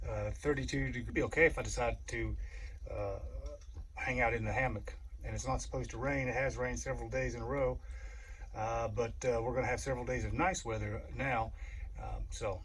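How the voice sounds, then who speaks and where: An outdoor vlogger, a man hiking up a wooded ridge, talking in a rambling, halting way with many fillers, out of breath. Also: medium pitch, slight background noise, poor audio. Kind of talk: casual hiking vlog narration.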